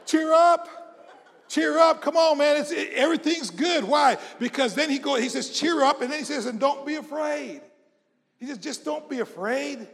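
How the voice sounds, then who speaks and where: Fervent pastor in a reverberant church. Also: male voice, extremely high pitch, moderate pace, gravelly. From South Mississippi. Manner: fervent, repetitive, swings between hushed prayer and shouting. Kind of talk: sermon with congregational call-and-response. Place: church hall. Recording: long church-hall reverb.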